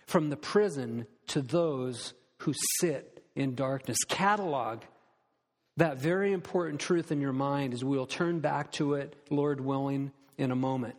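A man preaching a sermon as pastor, earnest and slowing down to stress key words. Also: mid-range voice. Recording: long reverb of a church hall.

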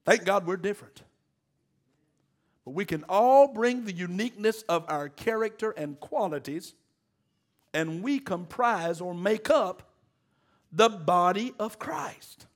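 A man's voice: high voice, lively intonation, a little slow, pauses often. A man preaching a sermon, exhorting the congregation in call-and-response and mixing in folksy jokes.

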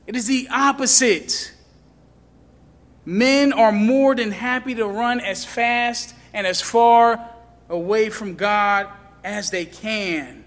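A man preaching a sermon with impassioned delivery, rising to loud questions and dropping low for emphasis. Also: slow, long reverb tail. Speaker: pastor.

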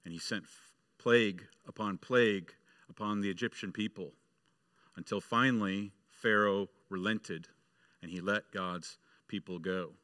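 A man's voice: lowish voice, fairly even intonation, unhurried, fairly bright tone, no room sound, clean studio sound. A male pastor preaching a sermon, telling a story and acting out its voices.

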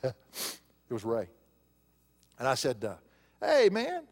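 A man's voice: medium pitch, steady tone, slow, big-room sound. A male pastor preaching a sermon, telling a personal story in a conversational way and rising to emphatic preaching.

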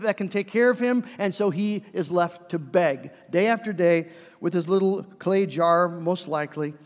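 Male pastor, high-pitched sermon voice, earnest storyteller, reverberant church hall. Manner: earnest storytelling with acted-out quotes.

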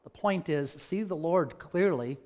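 Male church elder, slightly high voice, sermon delivery, soft prayers and fervent climaxes. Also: animated, measured pace. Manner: reads scripture, prays softly, then tells stories and rises to loud dramatic peaks.

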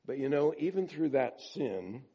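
A man preaching a sermon in a slow, emphatic way and acting out quoted prayers with drama. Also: medium pitch, big pitch swings, warm tone, slightly rough, highs cut off. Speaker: pastor.

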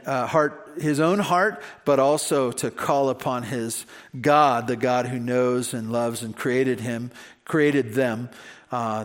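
A male pastor preaching a sermon in a conversational way, with rhetorical questions. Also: medium pitch. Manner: conversational, many fillers and restarts, rhetorical questions.

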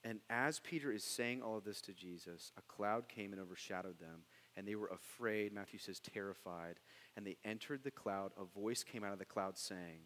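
A man preaching a sermon, animated, dropping to hushed tones and then rising into loud, excited bursts. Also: on the low side, moderate pace, big-room sound, rough recording. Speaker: pastor.

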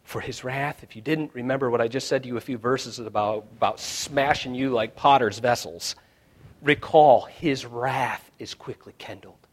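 A male pastor preaching a sermon, swinging from hushed, quiet lines to loud shouted ones. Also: medium pitch, moderate pace.

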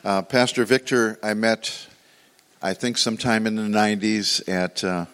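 A man introducing a guest pastor to his church in a relaxed, informal way with many pauses and fillers. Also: lowish voice, clean tone. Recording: long hall reverb.

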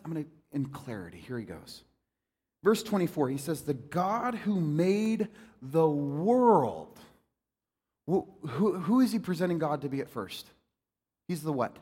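A man delivers a sermon in a high voice that rises and falls all over the place. He talks to the room like a friend and throws in jokes between readings. A long reverb from a large hall trails behind his words. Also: measured pace, husky. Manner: animated, conversational preaching with jokes. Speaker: pastor.

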